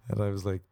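Young male stand-up comic, rambling and mocking, mellow fry-heavy voice. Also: fairly low pitch, dry recording. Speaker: stand-up comedian. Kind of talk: stand-up comedy routine.

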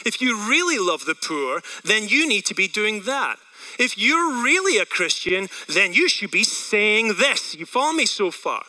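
A man with a Scottish accent preaching a sermon as a pastor. He talks in an energetic, conversational way and asks the congregation questions. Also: high-pitched, measured pace, distant mic, low-quality recording. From Scotland.

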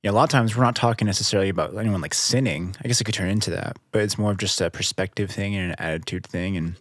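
Church elder, man, lowish voice, dry close recording, chatty and reflective. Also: very fast, a bit bright, no room sound. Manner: reflective, chatty, acts out dialogue. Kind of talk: casual discussion.

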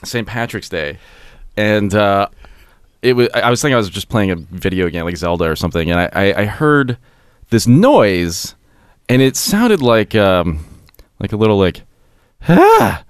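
Animated man telling a rambling story. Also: fairly low pitch, moderate pace, clear, resonant tone, no room sound, studio quality. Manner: rambling, stammering restarts, laughs through it. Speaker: podcast co-host telling a story. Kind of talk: casual comedic storytelling.

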